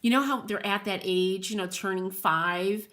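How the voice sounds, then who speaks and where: Middle-aged woman host, bright, lively and chatty on a livestream, rambling asides, greets viewers by name. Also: medium pitch, normal speed. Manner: rambling, laughs often, addresses viewers by name. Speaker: host of a furniture painting livestream.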